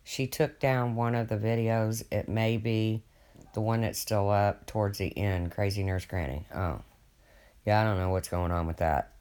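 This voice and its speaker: A man's voice: lowish voice, steady tone, normal speed, darkish tone, smooth. An older man rambling casually to viewers on his livestream, folksy and swearing freely as he reads their comments. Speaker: livestream host.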